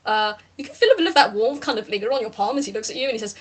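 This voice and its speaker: A woman narrating as game master of a tabletop role-play, rambling and animated, with casual swearing. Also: fairly high pitch, racing, husky.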